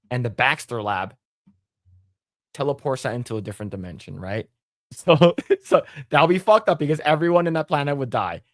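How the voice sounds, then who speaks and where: Clean studio sound with no echo carries this podcast host's medium-pitched voice. His casual chat rambles along, full of fillers and restarts.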